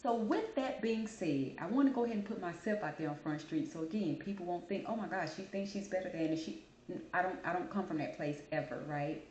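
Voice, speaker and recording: A woman with a lowish voice talks straight to her camera in a casual, animated way, telling a personal story. Her voice carries a noticeable echo from the room around her. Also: a little fast, a little hiss or hum. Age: adult. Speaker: channel host. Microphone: camera mic. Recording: roomy echo.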